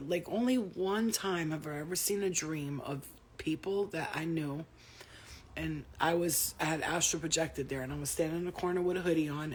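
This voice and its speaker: A woman's voice: sits low, slightly rough. A woman vlogger talking casually to her viewers about spiritual experiences, rambling, swearing freely and sounding tired. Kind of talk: casual spiritual talk to camera.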